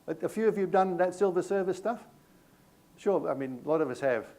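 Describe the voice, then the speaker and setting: A man's voice: high voice, fairly quick, dark tone. A middle-aged man from New Zealand with a New Zealand accent, leading a live training session in a chatty way, telling stories with dry humour. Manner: conversational, anecdotal, self-deprecating humour. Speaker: workshop presenter.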